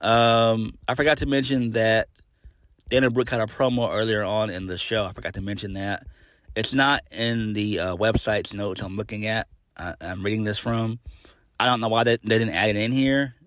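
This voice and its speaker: A man's voice: on the low side, fairly even intonation, moderate pace, a bit bright, no room sound. A man giving a casual solo review of a wrestling show, blunt and exasperated, swearing freely and trailing off into fillers.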